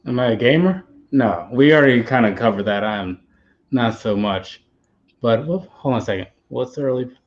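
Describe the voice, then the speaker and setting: A man's voice: medium pitch, moderate pace. Laid back stream host guy, rambly, kinda muffled sound. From United States. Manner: easygoing, talks in hesitant, rambling bits. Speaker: livestream host. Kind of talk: casual livestream chat. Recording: dull lo-fi sound.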